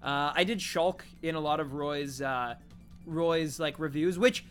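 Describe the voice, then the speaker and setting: A man from Canada with a high-pitched voice hosts a casual livestream. He rambles, jokes and answers his chat as it comes in. Soft background music plays under his desk-mic talk. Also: measured pace. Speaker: streamer.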